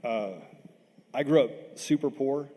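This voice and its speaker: A man's voice: medium pitch, measured pace, dark tone. A middle-aged man from Washington, D.C. speaking as a panel guest, earnest and impassioned, often repeating words as he gets stirred up. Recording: long reverb in a big hall.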